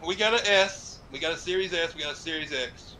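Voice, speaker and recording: Male gamer, casual banter, high voice, noisy line. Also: a little fast, pushed and bright. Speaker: gamer chatting in a group voice chat. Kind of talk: casual chat.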